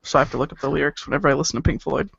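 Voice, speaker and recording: A man's voice: a little high, fairly even intonation, racing, vocal fry, a bit bright, slightly rough, dry recording, dull audio. A man hosting a podcast in casual chat, teasing and easygoing with his co-host.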